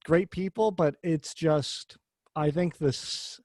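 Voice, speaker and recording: A man's voice: a little high, slow pace, a little mellow, no echo. A man hosting a podcast, talking cars in a rambling, jokey way and swearing casually. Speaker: podcast host. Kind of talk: casual car chat.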